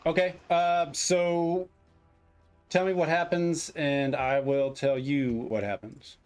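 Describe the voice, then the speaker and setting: A man running a tabletop war game as game master, giving rulings at an unhurried, measured pace over an online call. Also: a little high, level tone, a little mellow, clear, resonant tone.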